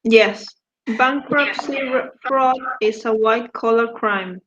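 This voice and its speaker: A woman student reads a passage aloud in an online class, carefully, sometimes tripping and correcting herself. Her voice sits slightly high. The call audio is dull, with a faint noise behind it. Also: takes it slowly. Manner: careful reading, stumbles and self-corrects. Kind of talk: reading a text aloud in class. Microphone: video call.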